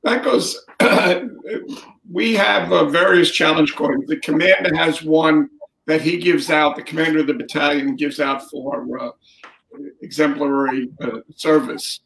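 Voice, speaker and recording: Gravelly man telling regiment traditions. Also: a little high, steady tone, fairly bright tone. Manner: measured, explains traditions. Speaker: guest, regiment officer. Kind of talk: storytelling interview. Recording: echoey room, faint noise.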